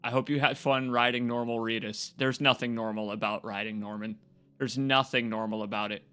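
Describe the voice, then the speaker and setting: A man chatting casually and excitedly to his viewers as a game streamer, rambling and joking. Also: medium pitch, a little fast, smooth, faint music behind. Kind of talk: casual live-stream chat.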